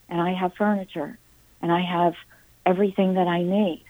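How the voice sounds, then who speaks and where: A middle-aged woman speaks as an interview guest, her voice sitting a little low. She tells her story earnestly, breaking off into halting restarts. She acts out her own past words with drama. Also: level tone, warm tone, rough recording.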